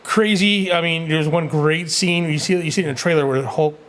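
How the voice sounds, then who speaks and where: A fairly high-voiced man co-hosts a casual movie review show. He talks with eager enthusiasm and keeps slipping into goofy impressions of characters. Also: brisk. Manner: excitable, often acts out characters' lines in silly voices. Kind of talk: casual spoiler review chat.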